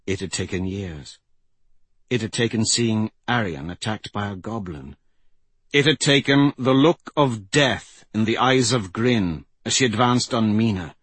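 A man reading a fantasy audiobook in a measured, dramatic way, with his pitch rising in the tense passages. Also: fairly bright tone, husky, no room sound. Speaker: audiobook narrator. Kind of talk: scripted fantasy narration.

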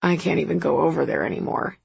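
A wry, blunt grown man voiced by a woman reader speaks in a husky, gravelly tone pitched slightly low. His manner is dry and dismissive. The delivery is close and dry, with no room sound. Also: steady tone, moderate pace, no echo, heavily acted. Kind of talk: audiobook character voice.

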